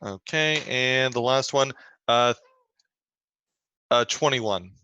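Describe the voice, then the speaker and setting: A man's voice: mid-range voice, slow, sharp tone, clear, resonant tone, no echo, highs cut off. A man playing a tabletop game, working through his dice rolls aloud with some uncertainty. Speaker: player.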